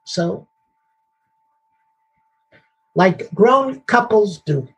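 A man speaking at a recovery meeting in a high, gravelly voice. He talks bluntly and repeats himself for emphasis, laughing at his own story. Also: lively intonation, drawn-out words, rough recording. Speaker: meeting member sharing.

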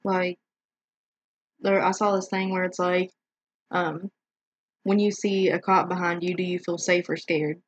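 A woman with a lowish voice talks bluntly and shares strong opinions, saying "like" often. The sound is dull and muffled, with a dry, close feel and no echo. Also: level tone, a little slow, pauses often, husky. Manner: frank, opinionated, says "like" often. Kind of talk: casual discussion.

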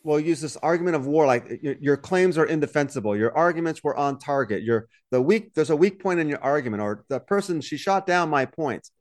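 A man co-hosting a casual podcast chat, telling stories and acting out quotes in an animated way. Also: a little high, a little fast, hardly any pauses. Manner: animated storyteller, acts out quotes. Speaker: podcast co-host.

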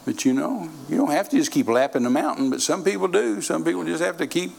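An older male preacher with a gravelly voice that sits a little high for a man. He preaches in a folksy, homespun way, repeating phrases and restarting sentences as he goes. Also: animated, brisk, few pauses, low-quality recording. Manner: folksy and repetitive, with many restarts. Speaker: traveling preacher. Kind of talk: sermon.

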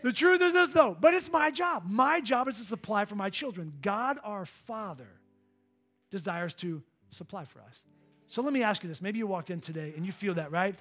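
A middle-aged man preaching a sermon to a congregation in a church hall, emphatic and swinging from loud to hushed. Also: high voice, expressive, moderate pace, faint music behind. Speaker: pastor.

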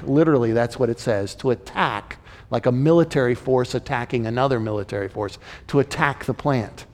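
A man preaching a sermon, retelling a scripture story in an animated way and dropping his voice low for asides. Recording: long hall reverb.

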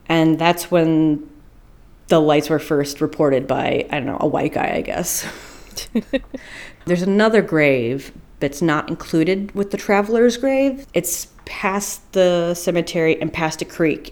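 A woman with a slightly low, darkish voice co-hosts a chatty podcast, loosely rambling through a spooky story. She swears freely and laughs at her own stumbles as she tells it.

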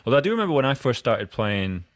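A man's voice: medium pitch, very animated, fast talker, no room sound, studio quality. A Scottish man hosting a podcast interview, talking in a loose, rambling way with many restarts. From Scotland. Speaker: podcast host. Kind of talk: casual interview chat.

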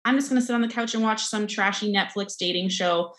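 A woman's voice: mid-range voice, a bit bright. Chatty woman in an echoey room. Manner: chatty, quick, fills with "like". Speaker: nutrition coach guest. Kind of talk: casual chat.

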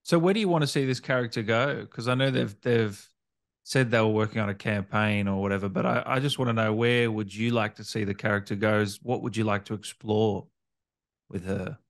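A man hosting a casual gaming interview, asking questions in a relaxed way. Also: fairly low pitch, brisk.

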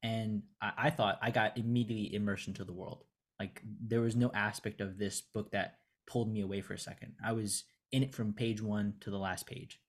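A man's voice: lowish voice, steady tone, brisk. A man co-hosting a casual comic book review chat, earnest and searching for his words as he praises.

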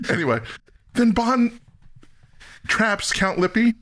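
A man hosting a casual film-review podcast, animated, laughing often and acting out scenes. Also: sits high, slow pace. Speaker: podcast host.

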